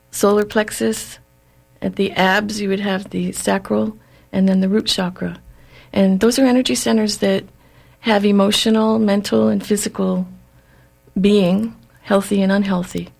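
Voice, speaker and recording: Woman guest, gravelly and flat, steady explanations. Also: medium pitch, unhurried. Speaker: guest healer. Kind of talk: explaining in a conversation.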